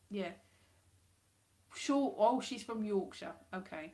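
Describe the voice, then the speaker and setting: A woman hosting a casual livestream from home, rambling, chatty and quick to laugh at herself. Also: medium pitch, expressive, a bit bright. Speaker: livestream host.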